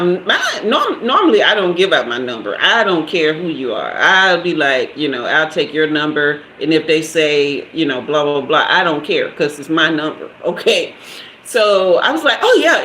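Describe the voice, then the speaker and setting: A woman in her fifties telling a lively personal story to her live-stream viewers, laughing often and talking straight to them. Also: medium pitch. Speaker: host of a live tarot stream. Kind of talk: casual storytelling to a live chat. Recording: echoey room with faint background hiss.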